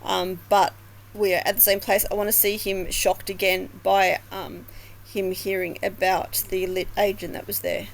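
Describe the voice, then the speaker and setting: A woman's voice: mid-range voice, flat delivery, normal speed, gravelly, a little hiss or hum, poor audio. A woman vlogger commenting casually at home, chatty and thinking aloud, swearing now and then. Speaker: vlogger analyzing body language. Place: home with dogs.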